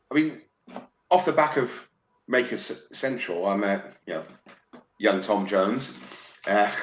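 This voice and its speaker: Excitable swearing English man in a roomy space. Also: medium pitch. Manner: excitable, swears freely, stumbles and restarts. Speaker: podcast guest. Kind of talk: casual podcast chat. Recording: roomy with faint noise.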